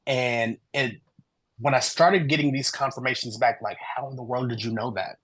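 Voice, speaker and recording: A man guest on a podcast interview, telling his story in an animated way and acting out the dialogue he quotes. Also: mid-range voice, normal speed, slightly rough, no echo, low-quality recording. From American Midwest. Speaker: guest, human design reader.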